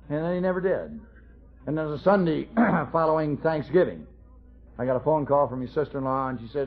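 A man's voice: fairly high pitch, sing-song, a little fast. A middle-aged man telling his recovery story at a meeting, folksy and self-mocking with wry humor. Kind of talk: AA speaker talk, storytelling. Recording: dull lo-fi tape recording.

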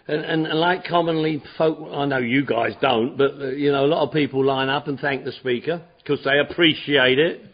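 A man whose voice runs on the high side and a bit rough gives a personal recovery testimony at a meeting. He rambles and repeats himself, stammering and restarting, and the lo-fi recording sounds dull.

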